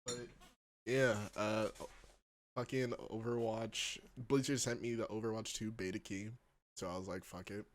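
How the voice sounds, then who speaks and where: A man's voice: on the low side, steady tone, unhurried. A man co-hosting a podcast in casual chat, swearing often and laughing through his stories. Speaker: podcast co-host.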